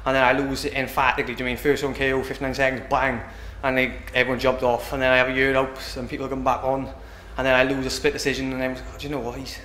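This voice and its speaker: A man's voice: mid-range voice, level tone, quick pace, hardly any pauses, fairly bright tone, roomy sound, slight background noise. A young man from Britain, an MMA fighter talking casually after a win, rambling and often asking "do you know what I mean". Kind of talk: post-fight interview.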